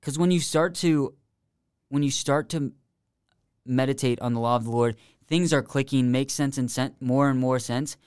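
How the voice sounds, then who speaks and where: A young man telling faith stories in a podcast chat. He is earnest and loose, restarting sentences and leaning on "like", and his voice comes across smooth and clean in a dry, close recording. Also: medium pitch, moderate pace, a little mellow, no echo. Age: young adult. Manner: earnest, rambling, many restarts and "like". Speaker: podcast guest. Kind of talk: casual faith testimony.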